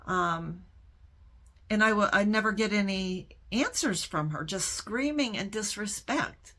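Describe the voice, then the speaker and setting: A middle-aged woman hosting her own channel, answering viewer questions in a casual talk to camera, speaking in a slow, reflective way with frequent pauses. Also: mid-range voice, expressive, a bit bright. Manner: slow, deliberate and reflective, pausing often between phrases.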